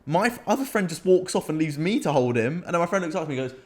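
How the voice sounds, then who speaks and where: A young man with a British accent, telling animated, laughing anecdotes as a podcast co-host. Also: a little high, very fast. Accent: British English. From Britain. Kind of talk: casual storytelling chat.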